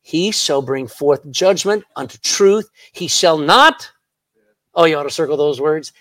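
A man's voice: a little high, lively intonation, measured pace, fairly bright tone, dry recording. A man preaching a sermon in church, reading scripture aloud and laughing at his own jokes. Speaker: pastor.

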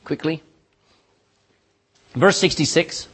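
A man preaching a sermon as pastor, impassioned and pleading, with sudden drops to a hush. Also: fairly high pitch, takes it slowly, husky.

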